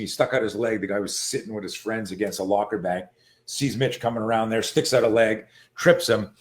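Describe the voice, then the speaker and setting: A man being interviewed as a self-defense coach, telling stories in a lively casual way and acting out what people said. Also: on the low side, brisk. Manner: animated storyteller who acts out quoted voices; frequent fillers and restarts.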